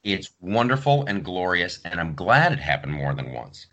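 Male podcast host, deep and very lively, animated storyteller. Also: normal speed. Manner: animated storytelling, acts out quotes. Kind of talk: casual podcast chat.

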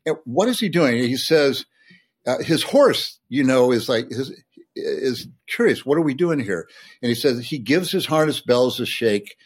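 A man's voice: medium pitch, expressive, a little slow, breathy edge. A man, a sportswriter and poet, explaining and reciting a poem with enthusiasm in a podcast conversation.

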